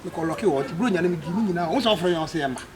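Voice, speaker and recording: A man's voice: fairly high pitch, very fast, crowd noise, lightly acted. An actor with a Ghanaian accent playing a man pleading and apologizing to his girlfriend in a comedy skit.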